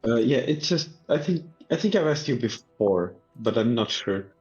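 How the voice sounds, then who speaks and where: A man's voice: medium pitch, animated, normal speed, darkish tone, muffled recording, faint music behind. A man chatting as a player, asking questions hesitantly. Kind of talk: casual chat.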